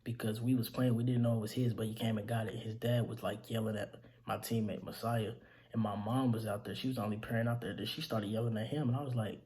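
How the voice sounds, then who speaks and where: A young man telling the story of his mother's death, halting and repeating himself, his voice sinking to near whispers in grief. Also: lowish voice, fairly even intonation, a little mellow. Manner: halting, repeats himself, calls the listener bro. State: grieving, voice dropping to near whispers. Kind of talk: emotional storytelling to camera.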